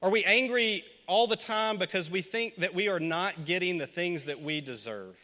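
Pastor guy preaching, earnest, kinda high bright voice, long church hall echo. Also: normal speed. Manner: earnest, builds to loud pleading questions. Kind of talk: sermon.

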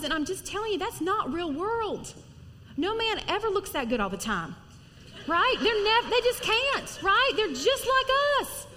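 A middle-aged woman preaching to women in a lively, conversational sermon, acting out little stories as she goes. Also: very high-pitched, long reverb tail, a little hiss or hum. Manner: lively, animated storytelling with acted-out quotes. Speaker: women's ministry speaker.

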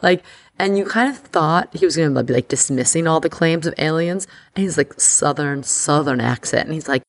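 A woman hosting an astrology podcast, talking in a chatty, excitable way full of "like". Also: deep voice, moderate pace. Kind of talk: casual podcast monologue.

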